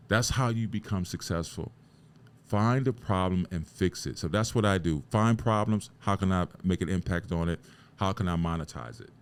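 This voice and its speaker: A man hosting a podcast, giving an emphatic, preachy motivational talk full of rhetorical questions and casual swearing. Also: sits low. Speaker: podcast host.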